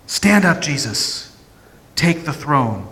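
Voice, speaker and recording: A pastor voicing a heroic inner voice, loud and stirring, in a reverberant church. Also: male voice, fairly high pitch, very animated, takes it slowly, heavily acted. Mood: rousing. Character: inner hero voice, booming rallying cry.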